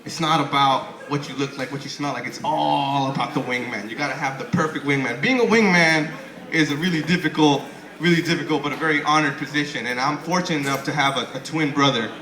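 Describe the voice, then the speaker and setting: A man's voice: on the high side, a little fast. A young man doing a stand-up comedy set, rambling, swearing and stammering through restarts. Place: comedy club stage. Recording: echoey club with crowd noise. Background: audience laughing.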